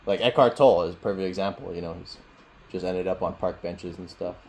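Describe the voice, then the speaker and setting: Low-voiced man teaching meditation. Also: brisk. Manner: relaxed, rambling, laughs often. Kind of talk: casual teaching and Q&A. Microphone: video call.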